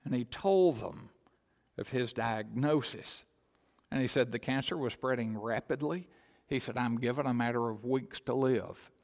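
A man preaching a sermon, swelling to loud emphatic proclamation and dropping to quiet storytelling. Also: mid-range voice, measured pace, gravelly. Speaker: pastor. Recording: long hall reverb.

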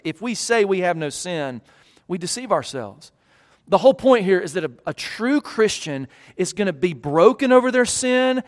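A man's voice: sits high, in a large hall. A man preaching as a pastor, earnest, with emphatic rising peaks and frequent restarts. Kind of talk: sermon. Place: church.

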